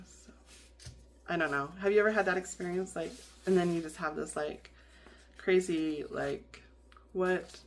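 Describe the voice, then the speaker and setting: Low, gravelly woman rambling casually. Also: measured pace. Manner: rambling, many fillers and restarts, laughs often. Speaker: planner vlogger. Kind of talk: casual storytelling while decorating a planner.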